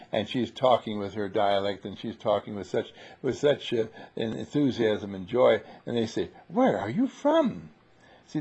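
Leading a seminar in casual group talk, this man has a fairly low, gravelly and husky voice, dark and mellow in tone. He rambles playfully and loosely, halting and starting over, on a dull-sounding lo-fi recording.

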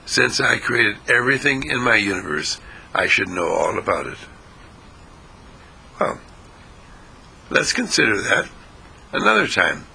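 A man giving a rambling philosophical monologue, musing slowly and asking himself questions. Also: fairly low pitch, vocal fry, pushed and bright, breathy edge, poor audio. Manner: musing, slow and repetitive, asks himself questions. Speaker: philosophy speaker.

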